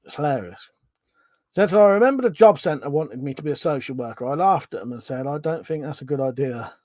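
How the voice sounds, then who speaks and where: A man's voice: medium pitch, dry recording, clean studio sound. A man, hosting a casual livestream, reading out viewer comments, swearing freely and laughing often. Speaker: livestream host.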